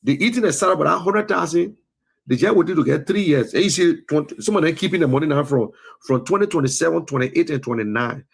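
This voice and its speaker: A man's voice: fairly high pitch, quick pace, vocal fry, husky. A man speaking Liberian English, giving a passionate political commentary that rises into scolding peaks. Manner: preachy, rising to scolding peaks. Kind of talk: impassioned political talk show monologue. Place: lives in the US.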